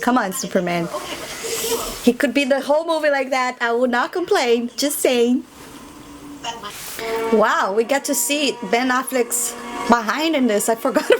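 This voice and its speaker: A woman chatting casually to herself while reacting to a film at home, muttering asides as she watches. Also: mid-range voice. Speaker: movie reaction host. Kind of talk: casual movie reaction commentary. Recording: noisy home recording with background hiss.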